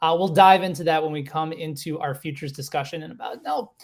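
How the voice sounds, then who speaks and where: Measured male podcast host. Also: on the high side. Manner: measured hosting with frequent "uh" fillers. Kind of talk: casual podcast chat.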